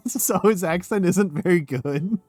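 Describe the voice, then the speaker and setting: A man's voice: high-pitched, measured pace, darkish tone, no room sound, faint music behind. A man, chatting casually and sardonically on a stream, swearing freely and often laughing. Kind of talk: casual chat.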